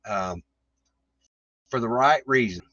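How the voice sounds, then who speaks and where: A man's voice: medium pitch, takes it slowly, bright, forceful tone, no room sound, lo-fi sound. A man hosting his own livestream, ranting in a confrontational way with swearing and restarts, over a choppy connection. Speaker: livestream host. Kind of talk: heated livestream rant.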